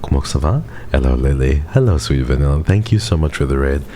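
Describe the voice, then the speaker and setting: A man's voice: extremely low pitch, expressive, brisk, mellow. A young man chatting casually with his live-stream audience in a playful, teasing, dramatic way.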